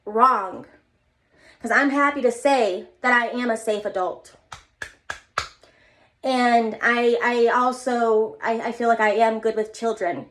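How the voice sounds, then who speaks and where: Woman, young adult, slightly high-pitched, earnest, rambling, casual motivational vlog. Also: fairly even intonation, slow pace, pauses often, a bit bright. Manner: earnest, rambling, repeats herself. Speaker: vlogger.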